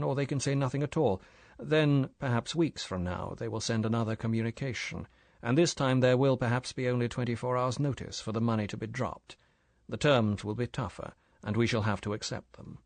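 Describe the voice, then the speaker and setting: A man's voice: medium pitch, fairly quick, no room sound, natural voice. A male narrator voicing a guarded secret agent who talks coldly and matter-of-factly. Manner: cold, matter-of-fact. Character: cool, guarded British secret agent, adult man.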